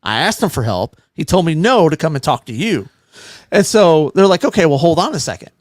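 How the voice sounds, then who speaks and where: A man co-hosting a casual podcast, telling an animated story and acting out what other people said. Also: on the high side, a little fast, no echo, studio quality. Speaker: podcast co-host.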